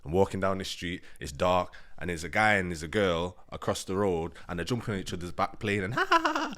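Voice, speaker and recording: A man's voice: low voice, fairly even intonation, a little fast, fairly bright tone. A young man casually telling a funny story, laughing often and acting out his own thoughts.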